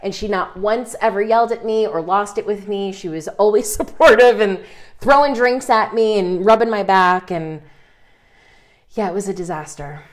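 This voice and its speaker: A woman co-hosting a podcast, telling a story with lively, comic energy. She swears without a second thought and laughs through her words. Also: mid-range voice, normal speed. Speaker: podcast co-host.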